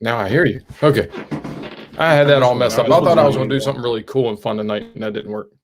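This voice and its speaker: Very fast-talking man guest on a stream. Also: medium pitch, crowd noise. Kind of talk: casual live stream chat.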